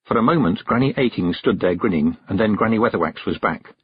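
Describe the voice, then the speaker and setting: A man narrating a storybook in an expressive, measured reading. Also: fairly low pitch, highs cut off, slight background noise. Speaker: audiobook narrator.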